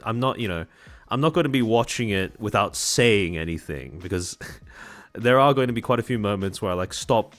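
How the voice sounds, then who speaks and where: A man streaming live, chatting casually and wryly with his audience, with lots of fillers and laughter, recorded on a desk microphone at home. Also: fairly low pitch. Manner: chatty, wry, laughs often, filler-heavy. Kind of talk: casual livestream chat.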